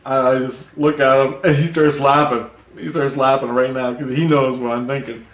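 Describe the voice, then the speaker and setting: A man's voice: mid-range voice, flat delivery, moderate pace, echoey room. A man telling a rambling personal story in a casual, profane way, laughing often as he talks.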